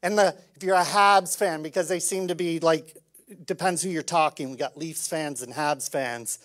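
A man preaching a sermon as pastor, conversational and lively, swinging from loud emphasis to quiet intensity. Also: a little high, normal speed.

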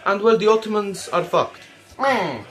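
Playing a mock commander in a comedic history video, this man has a high, fairly bright voice and speaks animatedly at a measured pace. He addresses viewers as "comrades" almost constantly, swearing and joking crudely, with bursts of laughter and silly asides.

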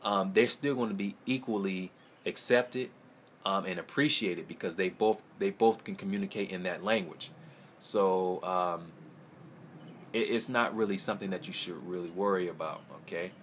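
A man's voice: deep voice, moderate pace, fairly bright tone, a little hiss or hum. A man, a language-learning vlogger, giving a casual video response in a rambling, hesitant way, with many ums and repeated words. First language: English.

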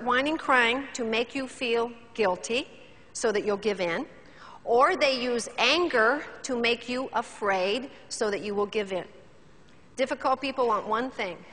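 A woman's voice: on the high side, in a large hall. A woman motivational speaker giving a theatrical keynote speech on stage to a live audience. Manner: animated, theatrical, addresses audience.

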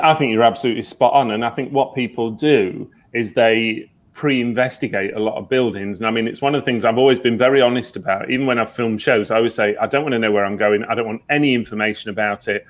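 A man, a psychic medium guest, telling stories earnestly in a relaxed interview, with many fillers. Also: mid-range voice. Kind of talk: conversational interview.

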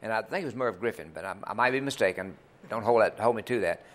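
An older man, a country singer and club owner, is a guest on a TV interview, spinning rambling, folksy anecdotes. His voice sits on the low side with a fairly bright tone, and he talks fast and expressively.

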